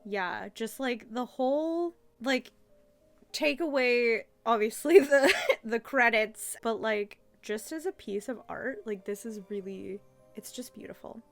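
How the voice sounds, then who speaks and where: Young adult woman, higher pitch, chatty, gushing, casual review, soft music behind. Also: a little slow. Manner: chatty, gushing, many fillers. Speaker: host reviewing a childhood cartoon. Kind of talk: casual commentary.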